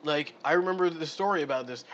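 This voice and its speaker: A man's voice: a little high, fast, a bit bright, lo-fi sound, a little hiss or hum. A man doing a live read-through of an adventure module, breaking off into exasperated, sweary ranting commentary. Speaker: streamer reading a module.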